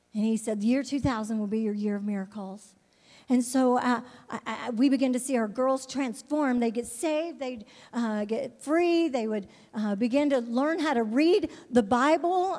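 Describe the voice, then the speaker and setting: A high-pitched woman tells her missionary testimony from the pulpit. She speaks fervently, repeats her words and stumbles through restarts. Her voice rings out with the long reverb of a large hall. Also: darkish tone. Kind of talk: testimony sermon.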